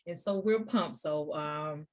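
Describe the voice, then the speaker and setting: A woman's voice: sits low, slow. Chatty woman podcast host telling a story. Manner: chatty, laughs often, addresses listeners as you guys. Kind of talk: casual storytelling.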